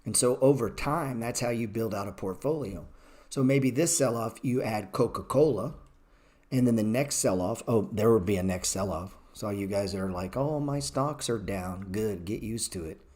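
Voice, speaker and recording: A man with a somewhat low voice runs a live-streamed trading class. He is blunt and profane, walking through stock charts in a casual way and snapping at viewers in the chat. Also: moderate pace, darkish tone. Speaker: trading educator.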